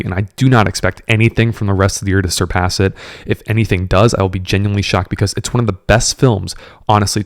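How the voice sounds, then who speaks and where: A man talks casually to camera as a movie reviewer, stacking up superlatives with open enthusiasm. His voice sits somewhat low, and the sound is dry, with no room echo. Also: gravelly. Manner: gushing, piles on superlatives.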